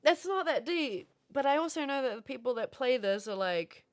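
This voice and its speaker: A woman's voice: high-pitched, moderate pace. Chatty young woman streaming to viewers. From Florida. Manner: animated, swearing, reads out chat. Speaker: livestreamer. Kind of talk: casual chat with viewers.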